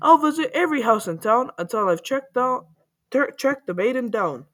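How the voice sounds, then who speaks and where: A woman's voice: a little high, expressive, moderate pace, fairly bright tone, no room sound, studio quality, pitched above the performer's own voice. A woman reading a rhyming story and playing a hot-tempered, bloodthirsty young prince who roars and barks orders. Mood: excited. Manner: roaring, barking orders.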